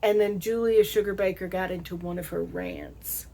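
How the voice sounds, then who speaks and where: A woman's voice: mid-range voice, steady tone, warm tone. A middle-aged woman with a Southern American accent, talking casually to her audience as a vlog host, laughing often. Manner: chatty, laughs often, slow drawn-out emphasis. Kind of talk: casual monologue to camera.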